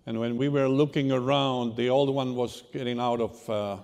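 A man's voice: medium pitch, steady tone, creaky, a little mellow. Guy preaching, stops and restarts a lot, churchy echo. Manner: unhurried, halting delivery with repeated restarts. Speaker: pastor. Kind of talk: sermon. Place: church sanctuary. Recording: reverberant church hall.

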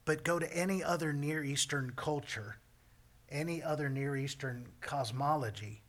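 A man teaching a Bible passage with commentary, earnest and emphatic, often sinking to a hushed, breathy near-whisper. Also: a little high, moderate pace.

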